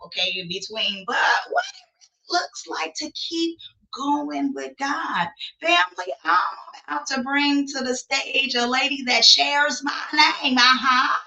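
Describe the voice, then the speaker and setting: A woman hosting a faith talk show, playful and animated, who keeps calling her listeners family. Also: on the high side, vocal fry. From not from the South. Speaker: podcast host. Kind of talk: upbeat faith interview.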